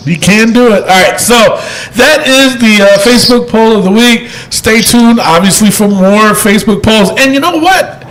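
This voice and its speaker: A man's voice: sits high, expressive, normal speed, a bit bright, low-quality recording. A man hosting a casual podcast chat, jokey and laughing often. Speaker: podcast host.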